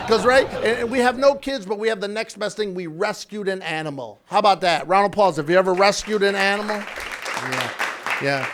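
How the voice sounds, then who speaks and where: A man's voice: sits high, a little fast, noisy background. A man in his fifties performing a self-deprecating stand-up comedy routine on a club stage, with punchy delivery. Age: 50s. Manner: self-deprecating, punchy, shouts sound effects. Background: audience laughter.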